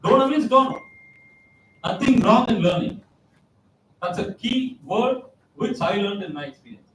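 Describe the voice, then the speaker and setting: A man gives a motivational talk, telling stories and driving points home by repeating them. His voice sits a bit higher than most men's. It is picked up from a distance in a roomy, echoing hall with a faint hum of ambience. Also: animated, unhurried, fairly bright tone. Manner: anecdotal, repeats key phrases for emphasis. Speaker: guest speaker.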